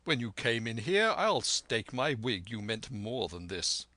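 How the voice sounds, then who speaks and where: A man voicing a calm, shrewd doctor with a dry wit who speaks in an urbane, composed manner in a storybook reading. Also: medium pitch, unhurried, no room sound, heavily acted.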